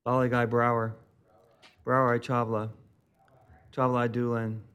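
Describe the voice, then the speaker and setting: A man's voice: mid-range voice, little pitch movement, moderate pace, a bit bright, clear, resonant tone. A man working as a clerk, calling a roll call vote in a repetitive, businesslike way.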